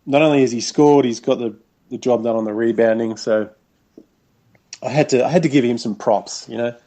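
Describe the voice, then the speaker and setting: A man's voice: medium pitch, fairly quick, mellow. An Australian man co-hosting a casual sports chat, easygoing and chuckling, with hesitant fillers. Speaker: podcast co-host. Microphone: call recording.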